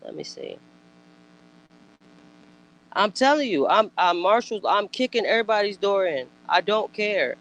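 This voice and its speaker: In a low-quality recording, a woman with a mid-range voice talks at a normal pace with few pauses. It's a casual reaction chat in which she comments bluntly and emphatically, curses freely, and erupts into animated rhetorical questions.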